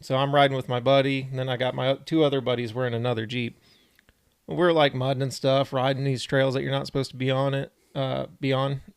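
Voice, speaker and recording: A man's voice: mid-range voice, flat delivery, fast talker, clean tone. A young man co-hosting a podcast, telling a story in a laid-back, easygoing way. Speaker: podcast co-host. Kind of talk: casual storytelling chat.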